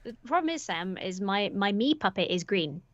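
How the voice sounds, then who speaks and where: A woman guest on a livestream chat, self-mocking and quick to laugh. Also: medium pitch, very animated, fairly bright tone, dry recording, highs cut off. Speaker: guest, fan film actor and YouTuber.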